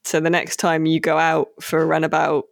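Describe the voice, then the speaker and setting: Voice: mid-range voice, monotone, vocal fry, dry recording. Rambling podcaster with a dry, close sound. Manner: rambling, many fillers and restarts, slows on key words. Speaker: podcast co-host. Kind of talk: casual chat about a game.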